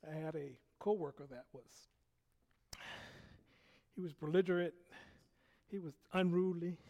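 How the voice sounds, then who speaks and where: A man preaching a sermon, telling a personal story in an animated way, laughing often and dropping from loud bursts to hushed quiet. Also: on the high side, measured pace, muffled recording. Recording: long hall reverb.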